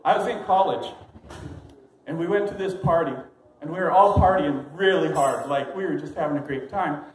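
Young male comic, rambling and self-amused, higher voice, echoey noisy club. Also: normal speed. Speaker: stand-up comic. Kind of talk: open mic stand-up storytelling. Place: small comedy venue. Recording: echoey room with clear noise.

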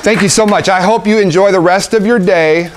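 A man, an obstetrician, speaks in a high voice at a fairly quick clip, delivering an emphatic motivational talk to young parents in a conference room with an audience. He relies on rhetorical questions and repetition, and the background is noisy.

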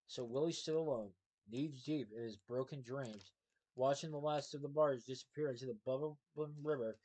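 A man reading a storybook aloud at an ordinary middle pitch. He reads plainly and now and then trips over a word and corrects himself. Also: moderate pace, mellow, rough recording. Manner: plain, with small slips and self-corrections. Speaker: storybook reader.

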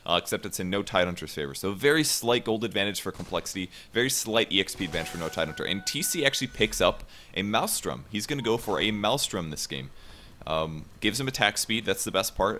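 Esports caster, male, deep and punchy, talks through builds and lifts into fast calls during fights, slight background hiss. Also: sharp tone. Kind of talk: live esports commentary. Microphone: home setup over an internet voice call.

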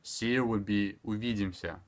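A young man teaching a casual online language lesson, repeating phrases slowly and deliberately with loose, chatty asides. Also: on the low side. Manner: slow deliberate repetition of phrases, relaxed filler-heavy asides.

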